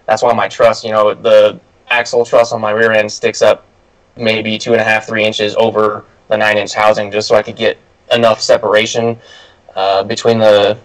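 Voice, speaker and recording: A man in casual chat, explaining his build hesitantly with many pauses and uhs. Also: on the low side, monotone, rough recording. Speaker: guest truck builder.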